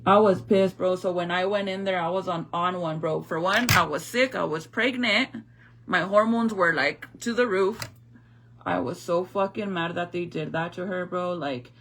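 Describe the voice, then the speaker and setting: A young woman vlogger tells her story in a heated rant full of slang and swearing. Her voice is bright and forceful and sits mid-pitch for a woman. The delivery stays fired up and blunt. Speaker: vlogger telling a personal story.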